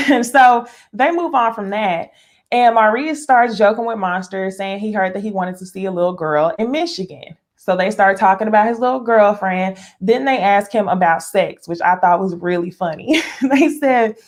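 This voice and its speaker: A woman's voice: mid-range voice, normal speed. A woman hosting a casual live recap of a reality show, chatty and opinionated, laughing often and talking straight to her viewers.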